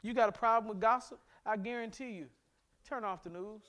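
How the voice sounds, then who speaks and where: A man, a pastor from America, preaching a sermon in a church, animated and humorous, with sudden bursts of emphasis. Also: high-pitched, a little fast. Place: church sanctuary.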